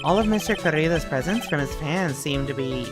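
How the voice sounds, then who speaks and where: A woman's voice: low-pitched, animated, fairly quick. A woman streamer reading a visual novel game aloud, with playful, swearing jokes thrown in. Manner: playful, swearing, joking asides. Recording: game music playing behind.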